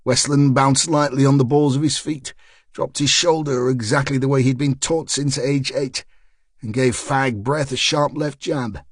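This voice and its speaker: A man narrating a crime thriller audiobook in a measured storytelling voice with wry asides. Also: mid-range voice, steady tone, no room sound, clean studio sound. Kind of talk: scripted narration.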